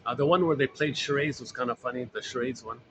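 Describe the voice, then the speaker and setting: A man's voice: mid-range voice, fast, background noise. A man lecturing informally on psychology, rambling and repeating phrases with frequent fillers. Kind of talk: informal recorded talk.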